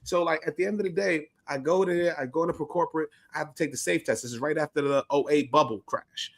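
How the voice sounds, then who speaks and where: A man co-hosting a podcast, telling a story in a lively, animated way, full of laughter, slang and swearing. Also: on the high side, fast, creaky. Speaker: podcast co-host. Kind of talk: casual storytelling chat.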